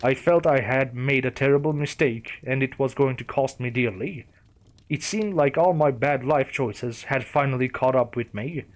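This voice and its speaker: A man reads a first-person horror story aloud as its narrator. His delivery is steady and storytelling. His voice sits at an ordinary middle pitch for a man. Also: moderate pace.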